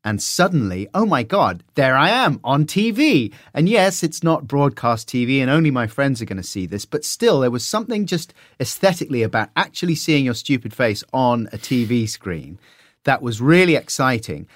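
A middle-aged man telling stories in an interview, animated and slipping into silly voices. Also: mid-range voice, moderate pace, dry recording, studio quality. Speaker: podcaster guest. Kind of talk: conversational interview.

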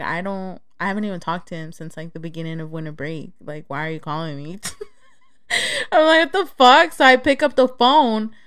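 A young woman from the Chicago area talks through her podcast in a loose, candid way, cursing often and breaking into laughter. Her voice sits a little low for a woman and sounds smooth and clean. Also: a bit bright. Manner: candid, profane, laughs easily. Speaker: podcast host. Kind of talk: casual podcast monologue.

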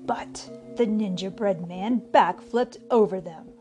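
A woman hosting a children's podcast, reading a storybook aloud in a cheerful, animated way. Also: mid-range voice, takes it slowly, faint music behind.

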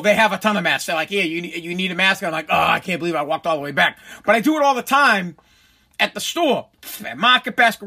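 A man's voice: sits high, sharp tone. A man hosting a casual solo podcast from his home basement, ranting animatedly, swearing and laughing at himself. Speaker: podcast host.

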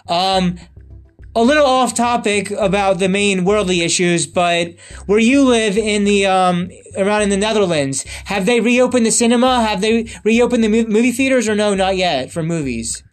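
A man with a high voice hosts a casual podcast, wandering from topic to topic with lots of "um"s and restarts. Soft music plays faintly behind him. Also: moderate pace. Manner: rambling, many fillers and restarts. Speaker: podcast host.

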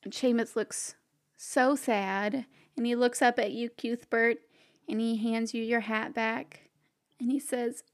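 A woman narrating a tabletop game as game master, unhurried and with many fillers. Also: a little high, steady tone.

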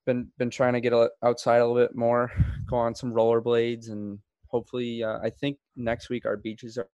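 A man hosting a podcast in casual chat, relaxed and rambling with plenty of fillers and restarts. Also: medium pitch, fairly quick, no echo, dull audio. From Florida. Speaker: podcast host.

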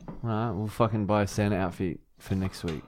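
An Australian man co-hosting a podcast, making deadpan, dry asides in crude casual banter. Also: fairly low pitch, fairly quick, slight background noise. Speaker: podcast co-host.

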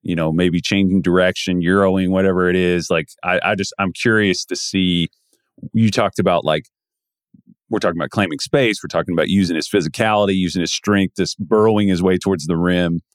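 A man's voice: low-pitched, fairly even intonation, fairly quick, no room sound, studio quality. A man co-hosting a podcast, talking basketball in a loose, rambling way and laughing easily. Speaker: podcast co-host. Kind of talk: casual basketball chat.

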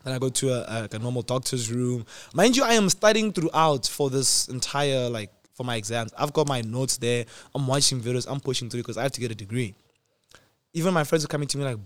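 Animated young man telling a story. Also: mid-range voice, brisk, dry recording. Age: 20s. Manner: animated, slangy, swings from loud to quiet. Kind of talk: casual storytelling.

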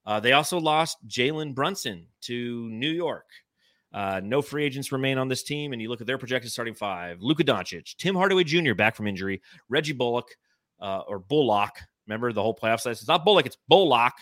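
A man in his thirties co-hosting a casual sports talk show, animated and swearing now and then. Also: medium pitch, a little fast, no echo, clean studio sound. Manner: animated, swears, reads chat comments. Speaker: podcast co-host.

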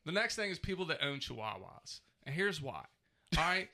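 A man's voice: a little high, sing-song, moderate pace, creaky, pushed and bright. A man in his thirties co-hosting a podcast, ranting animatedly with lots of swearing in casual chat. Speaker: podcast co-host.

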